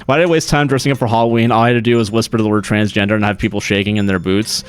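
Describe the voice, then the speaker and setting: Talking fast but pausing often, this young US streamer has a lowish voice and a steady tone. He chats casually, rambles, curses and laughs a lot while faint music plays behind him.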